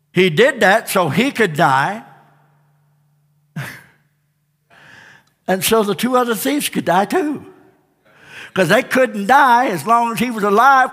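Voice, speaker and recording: A man's voice: sits high, pushed and bright. A male pastor preaching a fervent sermon with repeated refrains and call-and-response, recorded in a church sanctuary. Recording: long church reverb.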